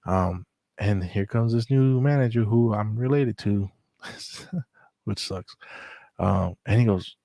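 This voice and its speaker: A man's voice: lowish voice, takes it slowly, gravelly, mellow, no room sound. A man telling personal stories in a laid-back, rambling way, with lots of fillers and restarts. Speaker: storyteller recounting memories. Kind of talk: casual spoken storytelling.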